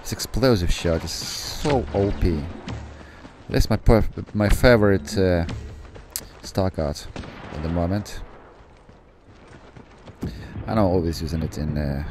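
A man with a very low, deep voice talks through his gameplay as it happens. He gets excitable, rambles into asides, and swears before apologizing for it, all over a faint hiss. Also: measured pace. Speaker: gameplay commentator. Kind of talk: live gaming commentary.

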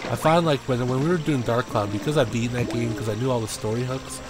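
A man's voice: mid-range voice, fast talker. Profane, frustrated male game streamer. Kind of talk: live gameplay commentary. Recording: game music behind voice.

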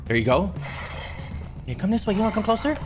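A young man streams a horror game live, panicking, yelping and muttering to himself. His high voice is sing-song and quick, with faint music behind him.

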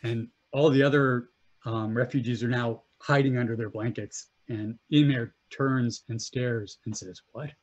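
A man narrating as game master of a tabletop game, halting and restarting as he describes scenes. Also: medium pitch, steady tone, muffled recording. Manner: halting, full of fillers and restarts.

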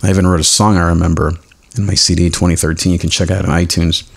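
A man hosting a devotional podcast, animated and self-mocking, who explains Hebrew words slowly and laughs often. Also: low voice, creaky. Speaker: podcast host.

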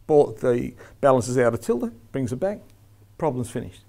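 A man giving an instructional lecture to referees, speaking emphatically and demonstrating the firm and soft tones a referee should use. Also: medium pitch, very animated, moderate pace, vocal fry.

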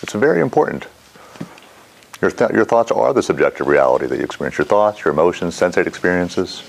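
Male mindfulness teacher, middle-aged, deep voice with lively pitch, rambling classroom talk. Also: fairly quick, creaky. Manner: rambling, animated, asks the class questions.

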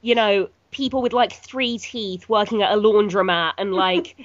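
A woman's voice: medium pitch, normal speed, dry recording. British woman, podcast co-host, dry teasing delivery with casual swearing; dead-dry, slightly muffled sound. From United Kingdom. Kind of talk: casual chat.

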